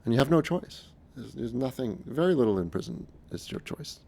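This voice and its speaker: A middle-aged man talking in a casual, unscripted monologue, earnest and halting, often restarting his sentences. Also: mid-range voice, lively intonation, creaky, mellow. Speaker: speaker recounting his experiences.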